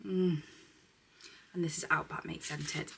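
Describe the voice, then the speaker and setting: A woman chatting casually at home, swearing freely and slipping into soft, half-whispered asides. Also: low-pitched, steady tone, takes it slowly, gravelly, noisy background. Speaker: beauty vlogger. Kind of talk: casual unboxing chat. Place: at home, indoors.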